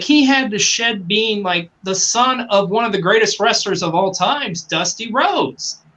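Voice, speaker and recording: A podcast co-host with a high, sharp voice chats casually and enthusiastically. He rambles, leans on fillers, and swears now and then.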